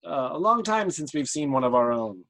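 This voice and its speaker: A man voicing a big male guard who speaks loudly in a tabletop game. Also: medium pitch, sing-song, normal speed. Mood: surprised, welcoming. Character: big gruff male Corkine word keeper.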